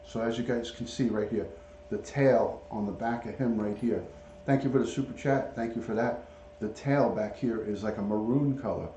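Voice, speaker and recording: A man's voice: on the low side, normal speed, warm tone, dull audio, slight background noise. A middle-aged man, a retired police detective, hosting a casual livestream from home and chatting with viewers by name. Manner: chatty, talks to viewers and reads out chat names. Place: at home, showing a pet parrot. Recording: echoey room.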